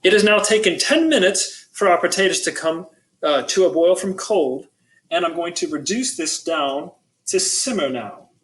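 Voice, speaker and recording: A man's voice: high voice, animated, moderate pace, a bit bright. A man, a school choir director, demonstrating a recipe in a kitchen, talking playfully and hamming up a mock British accent. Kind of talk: casual cooking demonstration.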